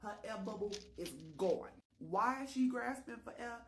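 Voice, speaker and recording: A woman's voice: on the high side, animated, normal speed, noisy background. Exasperated woman ranting at home. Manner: exasperated, profane and dramatic. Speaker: vlogger. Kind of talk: casual rant to camera. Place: home kitchen.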